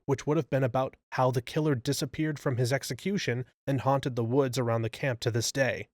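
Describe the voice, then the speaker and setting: A man narrating reader stories in an even, steady read-aloud style. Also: medium pitch, dry recording, clean studio sound. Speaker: story narrator.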